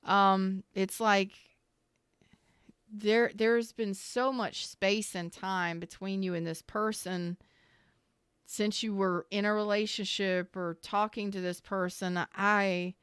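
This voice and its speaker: Woman doing a live tarot reading, super smooth clear voice, rambly and emotional, on the edge of tears, dry sound. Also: medium pitch, level tone, slow pace, a bit bright, no echo. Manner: rambling, candid and emotional, with casual swearing. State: close to tears. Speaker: tarot reader.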